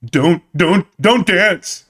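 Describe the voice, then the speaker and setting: A man's voice: sits high, drawn-out words, fairly bright tone. A man live streaming about stocks, ranting brashly and mocking his chat.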